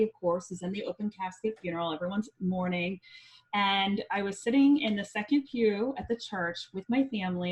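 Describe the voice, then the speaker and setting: Woman, podcast guest, lively storytelling, frequent ums, mid-pitched voice. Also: rough recording. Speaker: psychic medium guest.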